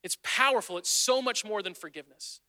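A man preaches in an earnest, chatty style, circling back to the same phrases for emphasis. His voice sits high and rings very bright. A long reverb trails each line through the church hall. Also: a little fast. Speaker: pastor. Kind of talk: sermon. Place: church sanctuary.

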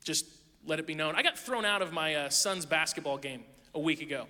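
Preaching in a church sanctuary, this pastor has a high, bright voice and talks a little fast. His conversational sermon is built on candid, self-deprecating, lively anecdotes, and the recording carries long large-hall reverb.

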